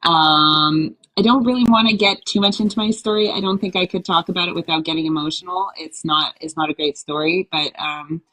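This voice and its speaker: A woman's voice: lowish voice, a little fast, few pauses, bright, forceful tone, low-quality recording. A woman guest, an immigrant to the United States, speaking hesitantly in a casual discussion. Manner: hesitant, many restarts.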